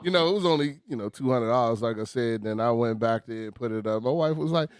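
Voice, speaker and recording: A man's voice: medium pitch, quick pace, clear, resonant tone, no echo, studio quality. A man, telling funny stories in a casual chat and laughing often. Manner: animated, laughing storyteller with slang. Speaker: podcast co-host.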